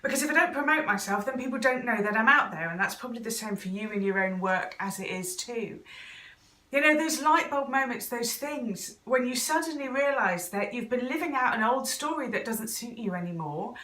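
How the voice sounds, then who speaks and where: A woman with a bright, forceful voice talks casually and earnestly about her work as a coach, slipping in fillers and small laughs. She sits a little back from the mic, and the room gives her voice a clear echo. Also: a little high, expressive, fairly quick, recorded from a distance. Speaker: intuitive coach and seer. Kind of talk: casual direct-to-camera talk.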